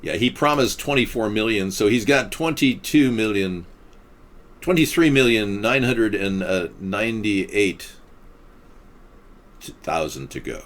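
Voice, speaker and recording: Sarcastic male host, lively pitch, rambling political chat. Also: a little slow.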